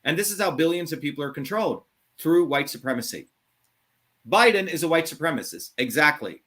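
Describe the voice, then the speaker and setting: A middle-aged man with a voice a little higher than most men's holds forth on a call-in show. He is blunt and combative, swears freely and leans hard on his points in a heated monologue. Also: animated, a little fast, a bit bright. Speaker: show host.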